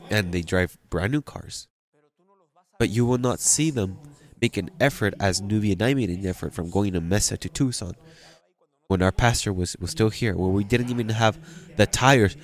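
A man preaching a sermon, plain-spoken and animated, often repeating and restarting his phrases. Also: lowish voice, moderate pace.

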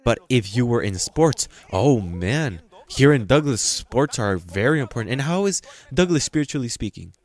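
A man preaching a sermon as pastor, reading scripture slowly and breaking into sudden loud, emphatic passages. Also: medium pitch, expressive. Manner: reads scripture aloud slowly and stresses it.

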